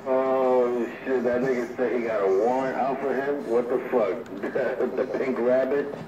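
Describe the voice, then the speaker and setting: A man's voice: medium pitch, fairly even intonation, measured pace. A man guest cracking crude jokes in loose banter. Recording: echoey, distant, muffled line with noise.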